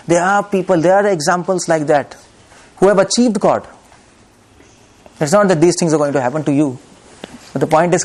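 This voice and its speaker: A man's voice: a little high, a little mellow. A man giving a devotional sermon, telling a story and acting out its voices with laughs between points. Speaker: preacher. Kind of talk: devotional discourse. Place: lecture hall.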